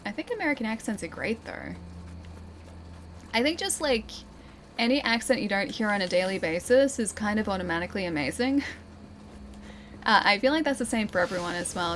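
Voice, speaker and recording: A young woman with an Australian accent chats through a game as a streamer, laughing often and joking at her own expense. Her voice sits at an ordinary middle pitch for a woman, and a faint ambient hum lies under it. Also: fairly quick, long pauses, a bit bright. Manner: chatty, giggly, self-deprecating. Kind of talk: casual gameplay commentary.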